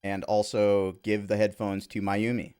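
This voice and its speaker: A man's voice: fairly low pitch, level tone, measured pace, a little mellow, smooth. A man from Southern California giving casual gameplay commentary as a streamer, with laid-back, rambling asides.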